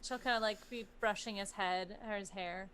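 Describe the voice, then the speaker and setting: A woman's voice: medium pitch, normal speed, a little hiss or hum, poor audio. A woman playing a tabletop role-playing game, describing her character's actions and slipping into her voice. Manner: animated, squeals and soothing hushes in character. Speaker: player.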